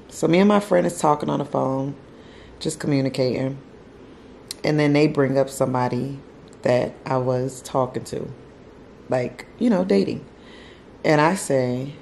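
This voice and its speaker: A woman talks straight to her camera at home, her voice sitting a little low. She tells a personal story in an emotional, loose way. She circles back over the same phrases and drops casual slang as she goes. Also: vocal fry, a little hiss or hum. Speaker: vlogger.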